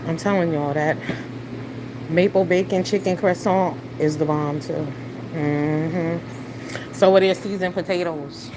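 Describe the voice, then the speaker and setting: A woman's voice: fairly low pitch, fairly even intonation, takes it slowly. A woman hosting a casual live stream from her car, chatting bluntly with profanity and greeting viewers by name. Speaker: livestream host. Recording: car noise in background.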